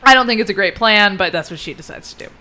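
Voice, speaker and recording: Bright-voiced woman retelling a story. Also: medium pitch, fast. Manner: lively storyteller, acts out lines in quotes. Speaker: podcast co-host. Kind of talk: casual chat, retelling a story. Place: indoor podcast studio.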